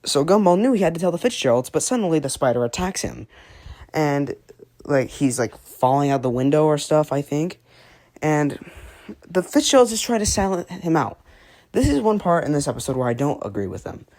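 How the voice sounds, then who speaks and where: A low-pitched woman with a husky voice rants angrily through her review. She swears constantly, rambles with a lot of "like" fillers and swings her pitch widely. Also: very animated, moderate pace, mellow. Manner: angry, profane ranting. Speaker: cartoon reviewer. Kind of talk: ranting commentary.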